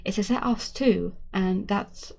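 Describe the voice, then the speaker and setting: A woman voicing a mother who talks to her son in a halting, apologetic way, in a storybook reading. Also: medium pitch, vocal fry. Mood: hopeful.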